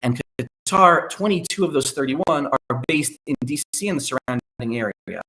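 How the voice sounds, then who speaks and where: A man speaking as a guest analyst on a podcast, explaining at length in a measured way. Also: mid-range voice, lively intonation, bright, forceful tone, low-quality recording. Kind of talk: conversational podcast interview.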